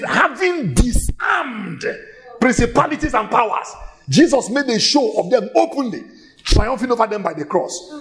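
A man preaching a sermon in a church, emphatic and shouting at times, repeating phrases rhythmically and laughing between lines. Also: high voice. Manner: shouting, emphatic, with sudden exclamations.

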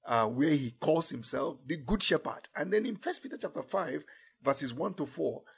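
A man preaching a sermon, emphatic, dropping to low murmurs and rising to raised declarations, stretching key phrases slowly. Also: lively intonation, creaky, slightly rough.

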